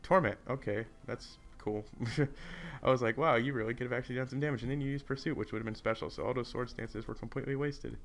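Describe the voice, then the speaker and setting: A man's voice: mid-range voice, fast, gravelly. A man casually commentating a video game, rambling and easily distracted, keeping his voice down in an echoey hotel room. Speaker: gameplay commentator. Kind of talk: casual let's play commentary.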